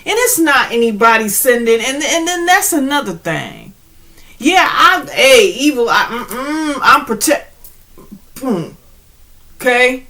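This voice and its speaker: High, bright-voiced woman preaching casually. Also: slow pace. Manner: animated, slangy and laughing often; preachy, addresses viewers directly. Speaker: spiritual channel host. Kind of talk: casual spiritual pep talk.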